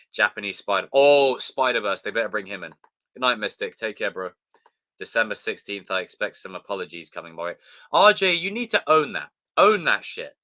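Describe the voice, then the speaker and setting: A man's voice: mid-range voice, sharp tone. A young man hosting a live stream, chatting loosely, swearing and thanking viewers by name. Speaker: livestream host. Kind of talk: casual live stream sign-off chat.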